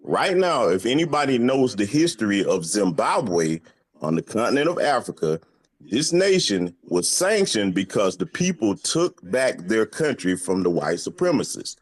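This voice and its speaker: A man's voice: fairly low pitch, very animated, moderate pace. A man laying out an argument point by point on a discussion panel, in a rhetorical manner. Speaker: panel speaker.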